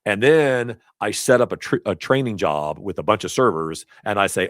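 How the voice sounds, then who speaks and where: Low-voiced man teaching a class. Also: expressive, moderate pace, few pauses, no echo, clean studio sound. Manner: chatty, storytelling asides with laughs. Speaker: instructor. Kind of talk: casual lecture. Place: classroom or event hall.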